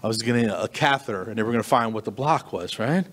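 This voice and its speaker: A middle-aged man performing stand-up comedy, telling a story with animated delivery and sudden high squeaks of disbelief. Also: fast talker. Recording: long reverberant hall.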